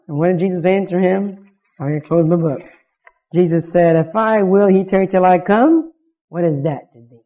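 A male preacher with a very high voice, delivering a fervent sermon that swings from loud to hushed. The recording is dull and lo-fi. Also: unhurried, long pauses. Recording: dull lo-fi sound.

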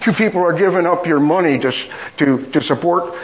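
Folksy preacher man, slightly high voice. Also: a little fast, rough recording. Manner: folksy, self-mocking humor. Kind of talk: storytelling sermon.

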